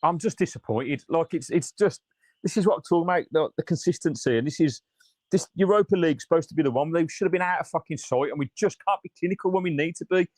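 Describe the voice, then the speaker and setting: A man with a fairly high voice, recorded dry and close, with no room sound. He rants in frustration, swears often and reads out viewer comments as he reacts live after the match. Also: quick pace, darkish tone, dry recording. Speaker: fan channel host.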